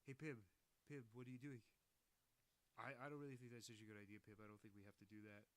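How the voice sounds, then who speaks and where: A man's voice: lowish voice, little pitch movement, fast, close to an everyday voice. A man doing an impression of an awkward, nervous young cartoon character with a hesitant, mumbling delivery. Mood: uneasy.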